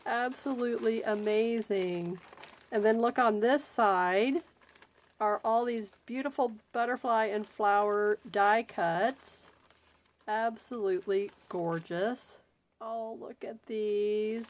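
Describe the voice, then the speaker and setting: A woman hosting a crafting video, casually chatting as she unboxes gifts and gushes over each one. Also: fairly high pitch. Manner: gushing, exclaims often, slow drawn-out delight. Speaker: crafting channel host. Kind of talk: unboxing happy mail, casual chat.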